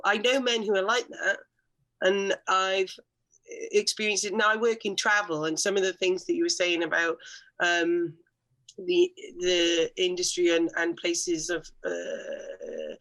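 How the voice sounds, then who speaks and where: A woman's voice: mid-range voice, unhurried, fairly bright tone, poor audio. A woman guest on a podcast, speaking candidly and telling personal stories in casual conversation, with frequent restarts and blunt swearing.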